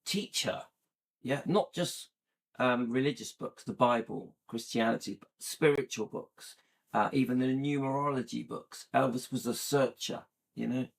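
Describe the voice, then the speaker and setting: A man's voice: mid-range voice, unhurried, vocal fry, slightly rough. A man hosting an interview, reacting with enthusiasm and admiration and using frequent fillers. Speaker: host. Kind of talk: casual interview chat.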